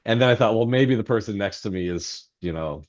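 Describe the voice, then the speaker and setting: Rambling low-voiced man telling a story. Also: lively intonation, fairly quick, dull audio. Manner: rambling, self-deprecating, heavy on fillers like "um" and "like". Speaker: novelist guest. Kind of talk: anecdotal storytelling in podcast interview.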